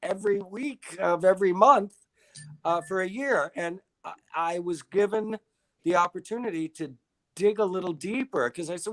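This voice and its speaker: Male guest on a video call, dry self-deprecating wit, slightly high voice. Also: normal speed, fairly bright tone. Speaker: arts reporter and columnist, guest. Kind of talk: casual interview chat.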